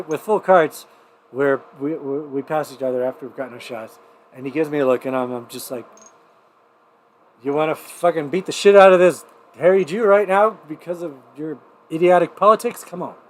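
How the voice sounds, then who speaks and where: A man with a fairly high voice rambles through a crude, digressive story as he hosts a home livestream. He swings from loud outbursts to mumbled asides, with faint noise behind him. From New Mexico. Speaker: livestream showcase host. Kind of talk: rambling casual livestream chat.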